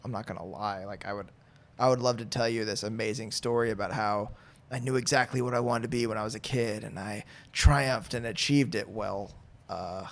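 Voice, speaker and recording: A man in his thirties, a guest on a podcast, talking candidly in a rambling, casual way with lots of fillers. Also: mid-range voice. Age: 30s. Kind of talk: casual chat.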